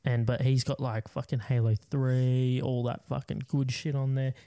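Mellow-voiced young bloke chatting. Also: male voice, medium pitch, little pitch movement, moderate pace. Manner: laid-back, swearing. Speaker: podcast co-host. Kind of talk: casual chat.

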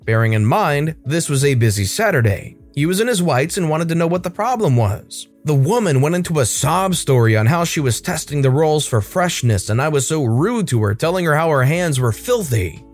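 A man reads online stories aloud with a lively, expressive delivery, his fairly high voice rising and falling a lot. Soft music plays faintly underneath. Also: moderate pace, hardly any pauses. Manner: expressive, animated storytelling. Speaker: story narrator.

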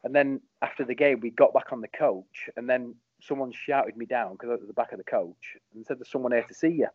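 A man, a former football captain, telling match stories in a casual interview, animated and full of ums. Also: medium pitch, brisk, breathy edge, dry recording, muffled recording. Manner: animated, rambling, lots of ums.

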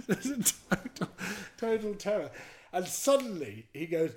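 A middle-aged man telling a story casually, full of ums and hesitations, acting out moments with animated energy. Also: fairly high pitch, normal speed, roomy sound. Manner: animated, hesitant with many ums, acts out his own panic. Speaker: podcast guest storyteller.

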